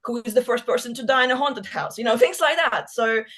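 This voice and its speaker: A woman's voice: on the high side, animated, fairly quick, fairly bright tone. A woman author from Russia, chatting casually in an interview, with frequent laughs and fillers like "you know" and "like". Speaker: author guest.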